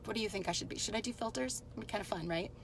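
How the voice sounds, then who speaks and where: A woman's voice: mid-range voice, racing, vocal fry, a little hiss or hum. A woman in her thirties coaching live and talking straight to her viewers in a chatty, upbeat way. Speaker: life coach hosting a live stream. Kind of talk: casual live-stream coaching talk.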